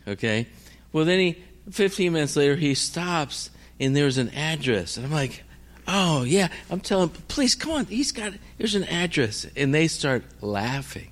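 A middle-aged man, a missionary preacher, telling a story in a sermon and acting out every voice in it. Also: medium pitch.

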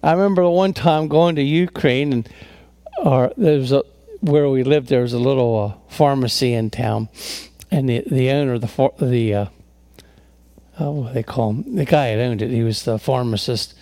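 A man's voice: mid-range voice, normal speed, dark tone, dry recording. A man preaching a sermon as a pastor, telling stories earnestly, often restarting and repeating words.

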